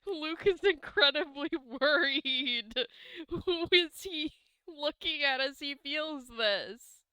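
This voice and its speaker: A woman playing a tabletop game, describing her character's actions gently. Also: high-pitched, animated, slow, dry recording. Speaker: player.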